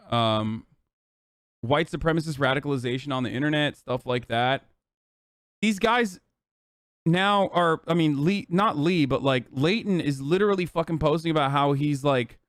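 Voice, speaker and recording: A man's voice: a little high, smooth, no room sound, studio quality. A man livestreaming political commentary, ranting in a heated, profane, exasperated way.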